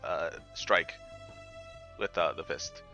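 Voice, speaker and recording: A man playing a tabletop game, describing his character's actions in a halting way that trails off softly. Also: low voice, lo-fi sound, faint music behind. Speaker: player. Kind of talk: casual tabletop play.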